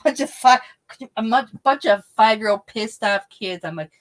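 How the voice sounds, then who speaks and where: Woman, middle-aged, livestream host, casual storytelling, animated, swearing, laughing. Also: a little high, moderate pace, rough recording. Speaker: livestream host reading chat. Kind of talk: casual storytelling to live chat.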